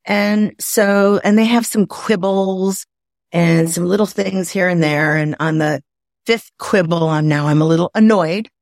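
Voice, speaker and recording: A woman from the Midwest with a low voice, speaking as an interview guest over a video call from home. She tells her stories with energy and slips into playful inner dialogue. The recording is close and dry. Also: unhurried, dry recording. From Midwest of the United States. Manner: lively anecdotes, acts out her own inner voice. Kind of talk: conversational storytelling. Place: home, indoors.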